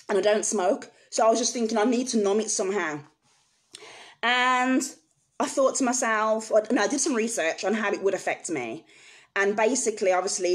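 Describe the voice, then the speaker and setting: A woman vlogger speaking candidly to her viewers, telling a personal story in an earnest, emotional way. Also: mid-range voice. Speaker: vlogger sharing personal experience.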